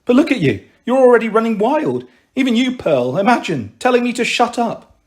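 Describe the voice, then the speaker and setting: Man doing harried exasperated mother, high voice, lively swooping pitch, storybook reading. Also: a little fast. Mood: weary. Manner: scolding, exasperated. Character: harried, emotional working-class mother. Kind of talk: audiobook reading.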